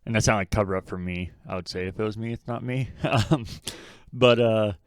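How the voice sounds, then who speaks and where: A man's voice: fairly low pitch, fairly quick, smooth, dry recording, clean studio sound. A man co-hosting a podcast, talking casually, rambling and swearing freely. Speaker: podcast co-host. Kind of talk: casual chat.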